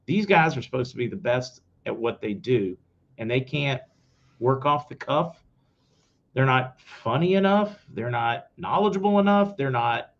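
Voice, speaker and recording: Blunt opinionated man with lo-fi audio. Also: medium pitch. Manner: blunt, opinionated, talks straight to viewers. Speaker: news commentary host. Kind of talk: unscripted opinion commentary. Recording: slightly dull lo-fi audio.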